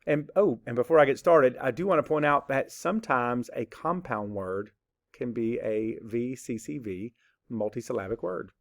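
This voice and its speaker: A man teaches a children's phonics lesson at an ordinary, mid-range pitch. He is patient and encouraging, and he talks straight to young viewers as though they sit in front of him. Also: moderate pace, creaky.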